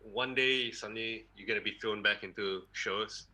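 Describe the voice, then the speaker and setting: A man's voice: on the low side, steady tone, normal speed, sharp tone, poor audio. A man with a Malaysian English accent, a guest drummer chatting in an easygoing, rambling way on a podcast. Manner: easygoing, rambling, ends phrases with a tag particle. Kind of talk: casual podcast chat.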